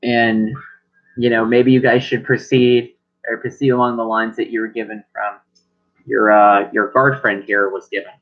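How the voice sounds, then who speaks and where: A man's voice: mid-range voice, level tone, normal speed. A man narrating as game master in a casual, rambling way. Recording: dull lo-fi recording.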